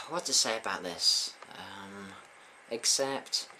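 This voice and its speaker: A man hosting a casual album review, full of pauses and fillers. He speaks with a dry, sarcastic edge. His voice is bright, and his pitch moves around a lot. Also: animated, a little hiss or hum. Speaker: album reviewer, channel host.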